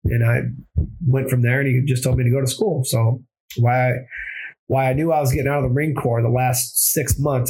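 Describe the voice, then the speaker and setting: Husky guy rattling off his story quick, plumber ex-marine, lots of restarts. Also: mid-range voice, darkish tone, rough recording. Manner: rambling, with restarts and self-corrections. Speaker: guest, plumber and former Marine. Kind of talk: casual storytelling interview.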